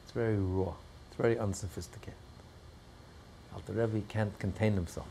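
A man teaching a class on a religious text, telling stories in an animated way and breaking into loud cries when he acts out quotes. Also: on the low side, normal speed, gravelly, slight background noise. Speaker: Torah teacher.

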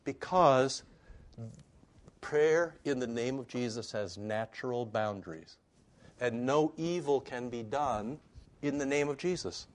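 Male pastor teaching a class, middle pitch, casual and conversational, with emphatic questions. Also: slow. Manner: conversational, animated, rising emphatic rhetorical questions. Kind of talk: teaching sermon.

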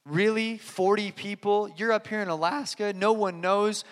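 A man voicing the devil as a quiet, scornful tempter in a sermon story. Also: high-pitched, fairly even intonation, moderate pace, clear, resonant tone, big-room sound, natural voice. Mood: taunting. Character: whispering taunting devil, male, scornful.

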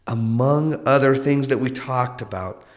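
A man hosting a podcast monologue, earnest and reflective, often dropping into a soft, confiding tone. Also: mid-range voice, unhurried, long reverb tail. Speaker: podcast host.

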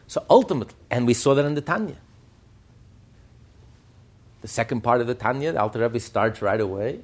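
A man's voice: mid-range voice, expressive, fairly quick, pauses often. A man giving a Chassidic Torah lesson, firing rhetorical questions and telling stories. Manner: fires rhetorical questions, storytelling. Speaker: Torah teacher.

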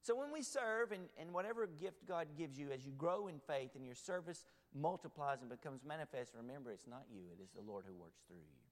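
A man preaching a sermon from a church sanctuary, swinging between loud bursts and hushed, quiet passages. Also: a little high, lively intonation, a little fast, few pauses. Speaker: pastor. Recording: long hall reverb.

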